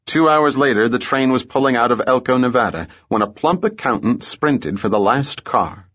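A man narrating an audiobook in a measured, steady storytelling manner. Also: mid-range voice, dull audio. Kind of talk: scripted narration.

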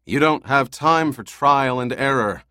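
A man's voice: medium pitch, a little slow, bright, forceful tone, smooth, dry recording, studio quality, pitched above the performer's own voice. A man voicing a tough ship captain in an audiobook, steely and commanding. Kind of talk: audiobook character voice.

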